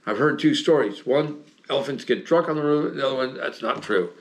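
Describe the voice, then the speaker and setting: A man's voice: mid-range voice, fast. A man in his seventies with an American accent, a guest telling long, rambling anecdotes in a casual interview, full of restarts and fillers and frequent chuckles. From United States. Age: 70s. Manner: chuckles often while telling stories.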